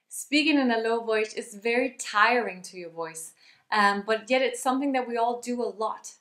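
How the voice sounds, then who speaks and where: Young female vocal coach, upbeat and direct to camera, slightly high, roomy sound. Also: moderate pace, fairly bright tone. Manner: upbeat, talks straight to viewers. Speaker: singing teacher. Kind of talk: vocal health tutorial.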